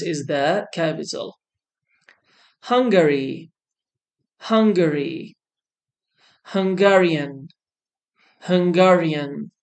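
Woman english teacher, real slow, says every word twice, lowish voice. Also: darkish tone. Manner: says each word twice, slowly and clearly. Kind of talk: slow beginner English lesson, repeating words.

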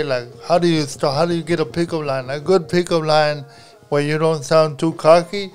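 A man's voice: on the high side, steady tone, normal speed, faint music behind. A man in a casual group chat, speaking earnestly about his own life and repeating himself. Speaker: podcast co-host.

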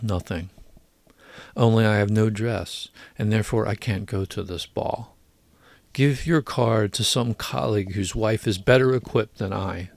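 A man's voice: mid-range voice, expressive, moderate pace, creaky, no echo. A man reading the part of a discontented young wife who complains in clipped, petulant lines. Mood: subdued.

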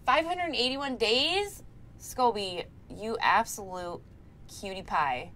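Giggly high-voiced woman streamer. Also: lively intonation, slow, pushed and bright, slight background noise. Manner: giggly, laughs often and reads chat names aloud. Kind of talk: casual live-stream chat.

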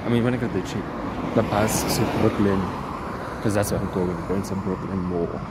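A young man from South Africa, a student, telling a story to his vlog in a lively, animated way and acting out the other people in it. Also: low-pitched. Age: young adult. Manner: animated, acting out dialogue in quick bursts. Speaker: vlogger. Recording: outdoor street noise.

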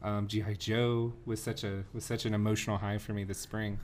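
A man co-hosting a casual podcast chat, playful with quick joking asides. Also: fairly low pitch, little pitch movement, a little mellow, a little hiss or hum. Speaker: podcast co-host.

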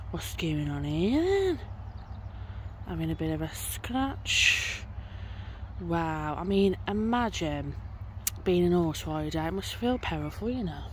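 A woman's voice: lowish voice, a little hiss or hum. Chatty young woman vlogging outdoors. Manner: chatty, rambling with many fillers. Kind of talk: casual travel vlog chat. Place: outdoors by a field of horses at a campsite.

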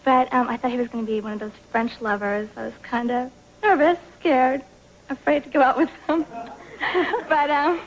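Hesitant woman contestant, fairly high voice. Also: fairly even intonation, normal speed, rough recording.

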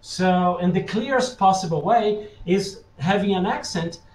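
A man's voice: high-pitched, a little slow, darkish tone, reverberant, poor audio. A man giving a live webinar as a language teacher, who reads out viewers' questions and keeps checking in with "yeah?" tag questions. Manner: reads out chat questions and answers them directly.

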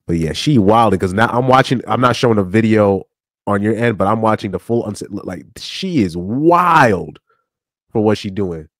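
A man giving casual reaction commentary on a live stream clip, animated, with stammering restarts and frequent laughs. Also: lowish voice, moderate pace, no room sound, clean studio sound.

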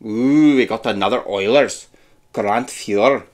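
A man's voice: fairly low pitch, slow. A man chatting casually as he opens and reads out old trading cards, musing aloud with small hums. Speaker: card-opening vlogger. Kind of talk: casual unboxing chat.

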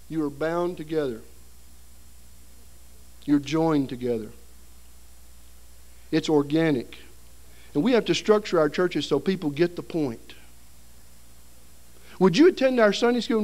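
High-voiced storytelling male preacher. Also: animated, unhurried, long pauses. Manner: storytelling, acting out voices and sounds with humor. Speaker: seminary dean and preacher. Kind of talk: preaching a seminar sermon. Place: seminary hall before an audience.

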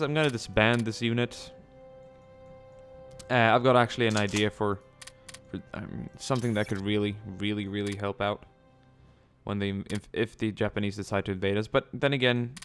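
A man's voice: fairly low pitch, steady tone, normal speed, a bit bright, faint music behind. A man giving casual gameplay commentary, chatty, with many ums and joking asides. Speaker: let's play gamer.

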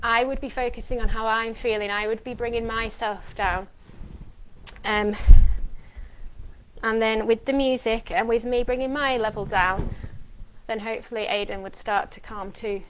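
Clear-voiced woman therapist explaining steadily. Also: on the high side, normal speed, a little hiss or hum, low-quality recording. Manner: projects her voice clearly while explaining; calm, practical explanations to parents. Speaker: occupational therapist. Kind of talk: instructional demonstration.

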